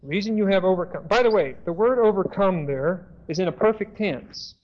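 Male Bible teacher, measured and methodical, dull old recording. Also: high-pitched, expressive. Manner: deliberate, spells out Greek words, stops to correct himself. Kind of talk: slow expository Bible lesson. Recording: dull lo-fi sermon tape.

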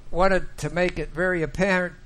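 A man teaching a Bible class, talking slowly and haltingly with many fillers and restarts. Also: high voice, steady tone, a bit bright. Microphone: microphone that sometimes cuts out.

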